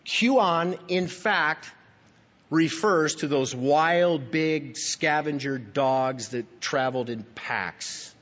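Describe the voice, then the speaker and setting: A man's voice: fairly high pitch, extremely slow, a bit bright. A man preaching a sermon as pastor, emphatic and teaching, speaking straight to his listeners. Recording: dull, lo-fi recording in a reverberant hall.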